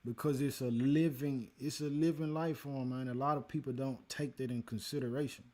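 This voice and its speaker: Casual man streaming a scripture talk, easygoing, talks straight to his chat at an ordinary pitch. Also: fairly even intonation, normal speed, darkish tone. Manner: laid-back, talks to the chat, calls listeners man and y'all. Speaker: livestream host teaching scripture.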